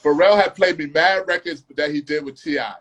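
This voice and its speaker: A man, a music producer, telling studio stories in a casual, animated way, repeating phrases and humming melodies. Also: fairly high pitch, fairly quick. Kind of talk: casual storytelling.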